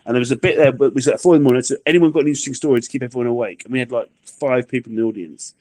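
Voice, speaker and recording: Fast-talking man telling stories. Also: medium pitch, dry recording. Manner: animated anecdote-telling with acted-out quotes. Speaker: comedian guest. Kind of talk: casual chat, storytelling.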